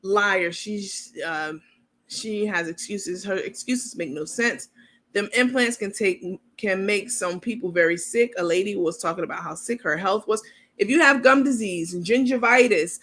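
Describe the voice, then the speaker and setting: A woman's voice: mid-range voice, bright, forceful tone. A woman with a New York accent hosting a chatty, rambling commentary show, reading out viewer comments as she talks. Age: adult with a university degree. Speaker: commentary channel host. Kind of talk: casual livestream-style commentary.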